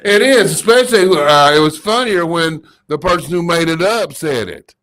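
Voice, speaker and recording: Bright, jokey man. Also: on the high side, expressive. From Kentucky. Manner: folksy, jokey, quick to laugh at his own jokes. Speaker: video producer and co-host. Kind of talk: casual banter on a live show.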